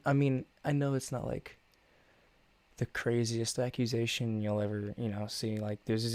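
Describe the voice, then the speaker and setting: A man talking on a live stream in a halting, nervous way, full of restarts and fillers, with a shaky voice. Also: on the low side, creaky, no echo.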